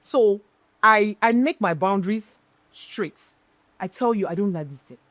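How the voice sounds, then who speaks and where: A woman talks animatedly as an interview guest. Her voice sits mid-pitch and her delivery is emphatic. The recording is dry and close. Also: animated, a little slow, fairly bright tone, no room sound. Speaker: event planner guest. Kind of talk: casual interview chat.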